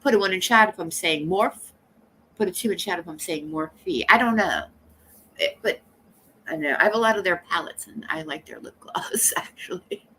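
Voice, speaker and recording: A woman's voice: on the low side, big pitch swings, brisk, sharp tone, slight background noise. A woman live streamer chatting casually with her viewers, rambling and blunt, coughing now and then from allergies. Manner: rambling, blunt and gossipy, talking straight to chat.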